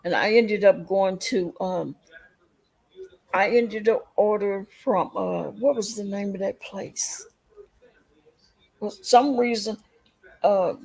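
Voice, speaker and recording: Slow, gravelly-voiced woman chatting on a livestream. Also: mid-range voice, darkish tone, rough recording. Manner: rambling, talks straight to her viewers. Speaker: livestream host. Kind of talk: casual livestream chat.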